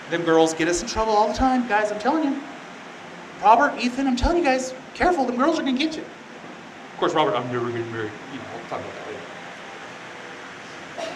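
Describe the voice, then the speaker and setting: A man's voice: sits high, fairly bright tone, slight background noise, rough recording. A man teaching a youth Bible class, telling the story casually with joking, rambling asides to the room.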